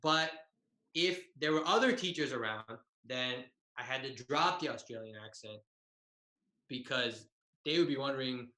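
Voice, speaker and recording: A man's voice: mid-range voice, moderate pace, pushed and bright, echoey room, low-quality recording. A young man and comedian telling a tag-team story in a loose, profane, self-mocking way over a video call. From Bay Area, California.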